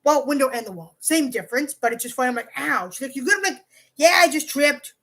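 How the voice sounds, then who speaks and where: A woman's voice: sits high, lively intonation, fast, fairly bright tone. A young woman casually telling a rambling personal story, swearing freely and often restarting her sentences. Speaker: vlogger.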